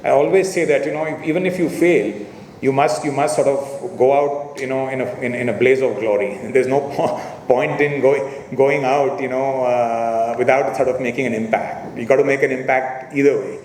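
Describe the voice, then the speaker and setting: A man's voice: medium pitch, steady tone, normal speed, darkish tone, slight background noise. A middle-aged man giving a convocation speech to graduates, telling a business story with acted-out dialogue and frequent "you know"s. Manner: anecdotal, acts out quoted dialogue, repeats words and says "you know". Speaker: convocation guest speaker. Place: large hotel ballroom. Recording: echoey hall, heard from afar.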